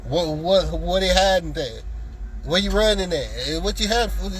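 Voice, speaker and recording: A man's voice: sits high, normal speed, poor audio. Man ranting in a heated, taunting monologue. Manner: animated, taunting, swings between loud and muttered. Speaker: lottery content creator. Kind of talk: heated solo rant.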